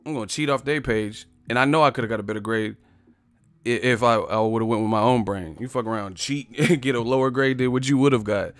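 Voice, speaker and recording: A man's voice: medium pitch, brisk, no echo. Profane, mocking man ranting on a stream. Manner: loud, profane, mocking, laughs often. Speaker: boxing live-stream host. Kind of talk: casual live-stream rant reading chat.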